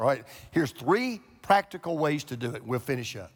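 Emphatic high-voiced male preacher. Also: big pitch swings, fairly quick, few pauses, long reverb tail. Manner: emphatic preaching, repeats key phrases. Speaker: pastor. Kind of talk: sermon.

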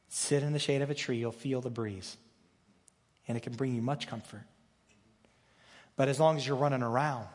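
A man's voice: mid-range voice, long reverb tail. A man preaching a sermon as pastor, talking in a conversational, joking way with frequent restarts. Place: church sanctuary.

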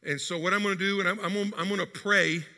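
A male pastor preaches in a high, very bright voice that carries a long reverb through the church. He tells a story and turns to speak straight to the congregation. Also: fairly even intonation, fast talker, vocal fry. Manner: storytelling, addresses the congregation directly. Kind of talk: sermon.

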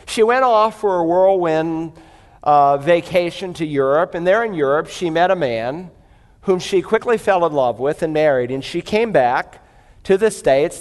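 A man's voice: fairly high pitch, big-room sound. A man preaching a sermon, telling a story and then working through verses in an emphatic, conversational way. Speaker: pastor.

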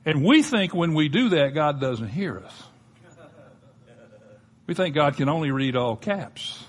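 A man's voice: a little high, expressive, measured pace, slightly rough. An older man with a Southern US accent preaching a sermon, folksy and conversational, with touches of humor. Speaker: pastor.

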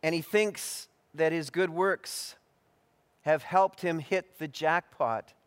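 Male preacher, higher-pitched voice, deliberate expository delivery, reverb from a hall. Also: clean tone. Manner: measured, deliberate delivery with frequent restarts and fillers. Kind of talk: expository sermon.

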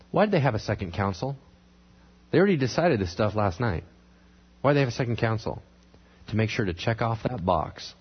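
A man's voice: a little fast, breathy edge, highs cut off. A man preaching a sermon, reading scripture and commenting on it, acting out the lines of the people in the story. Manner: dramatic, voices the characters with big pitch swings. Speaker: pastor.

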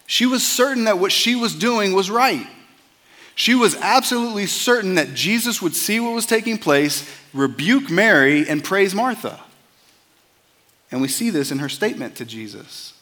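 A man's voice: high-pitched, expressive, normal speed, sharp tone, in a large hall. A man preaching a sermon as a pastor, earnest and conversational, often repeating words as he starts a phrase.

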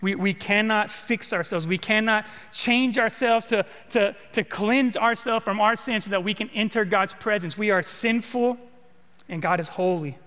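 A man's voice: sits high, normal speed, fairly bright tone, in a large hall. A man from California preaching a sermon in a casual, conversational way, repeating words and asking the congregation questions. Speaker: pastor.

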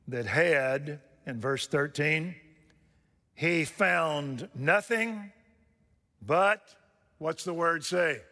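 A man preaching a sermon, swinging between loud rising emphasis and hushed, quiet passages. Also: fairly high pitch. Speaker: pastor. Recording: long hall reverb.

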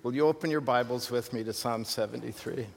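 A male pastor preaching an animated, emphatic sermon with rhetorical questions and humorous asides. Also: medium pitch, brisk, gravelly. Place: church sanctuary. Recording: long hall reverb from a church.

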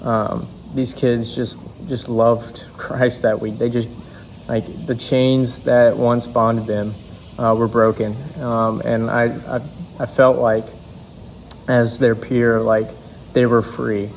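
A young man giving a halting church testimony, full of fillers and restarts. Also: mid-range voice, level tone, slight background noise, poor audio. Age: young adult. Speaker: youth speaker.

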